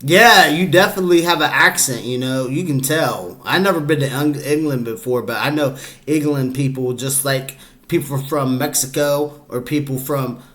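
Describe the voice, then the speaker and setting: A man's voice: mid-range voice, moderate pace, fairly bright tone. A man hosting a casual podcast, talking loosely and rambling, with lots of fillers. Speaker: podcast host. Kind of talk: casual chat.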